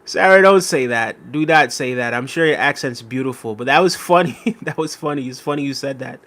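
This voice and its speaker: A man's voice: medium pitch, fairly quick, a bit bright. A man hosting a casual live stream, reading viewer comments aloud and thanking them by name. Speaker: livestream host reading chat.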